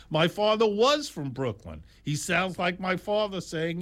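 A man in his sixties or older telling stories in a casual, animated, digressive way, full of exclamations and asides. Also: sits high, normal speed, hardly any pauses. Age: 60s or older. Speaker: jazz storyteller. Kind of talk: casual storytelling monologue.

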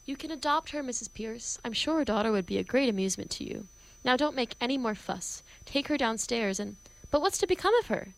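A woman's voice: on the high side, lively intonation, fairly quick, creaky, rough recording. Woman voicing an imperious male professor, brusque, theatrical, play reading. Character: domineering male phonetics professor.

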